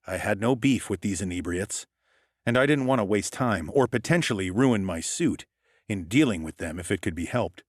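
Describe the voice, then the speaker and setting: Male audiobook narrator, low voice, wry hardboiled tone, dry close sound. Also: lively intonation, moderate pace, no echo. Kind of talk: scripted first-person narration.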